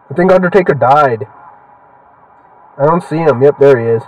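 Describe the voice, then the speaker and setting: A young man giving casual, swear-filled commentary while playing a video game, excitable and heckling the characters on screen. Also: a little high, normal speed, pauses often, distant mic, muffled recording. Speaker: gaming channel host.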